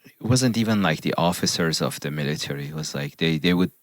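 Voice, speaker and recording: A man with an extremely low voice chats on a podcast. He speaks haltingly, pausing as he searches for words. The recording is dry and close. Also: expressive, no echo. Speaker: podcast co-host. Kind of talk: casual chat.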